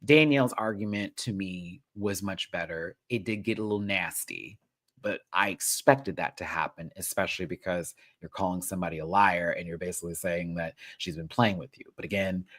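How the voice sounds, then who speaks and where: A man hosting a reality TV recap show, ranting in a sassy, animated way and swearing freely. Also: low-pitched, normal speed.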